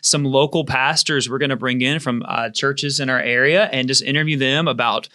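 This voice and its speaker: A man hosting a relaxed church podcast, his voice bright and forward at an ordinary pitch. He talks in stops and starts, filling gaps with frequent fillers as he restarts his sentences. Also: normal speed. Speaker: podcast host. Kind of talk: casual podcast chat.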